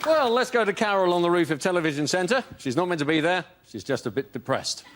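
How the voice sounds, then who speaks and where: A man, a panel show comedian, delivering spoof forecasts in a dry deadpan. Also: sits high, fast talker, a loud crowd. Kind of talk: mock weather report gags. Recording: noisy studio.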